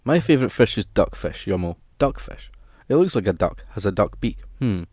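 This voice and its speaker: A man's voice: on the low side, sing-song, brisk, darkish tone, no room sound. A man hosting a live stream, chatting casually with his viewers in a rambling, jokey way.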